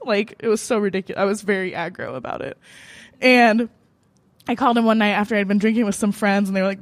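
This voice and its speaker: A woman's voice: fairly high pitch, fairly quick, dry recording. A young American woman hosting a live open mic at a cafe, telling a personal story with lots of laughter and swearing. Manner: laughing often, profane, animated.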